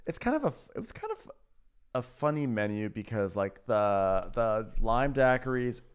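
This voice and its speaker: A man's voice: mid-range voice, sing-song, clear, resonant tone. A man guesting on a podcast, talking casually and enthusiastically with frequent laughs. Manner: enthusiastic, quick, jokey, laughs a lot. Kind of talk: casual chat.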